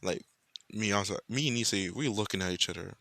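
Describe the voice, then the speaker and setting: A man's voice: fairly low pitch, fast talker, a bit bright, no room sound. Young man rambling a profane fan story. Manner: casual, rambling and profane, heavy slang. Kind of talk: improvised fan-fiction storytelling.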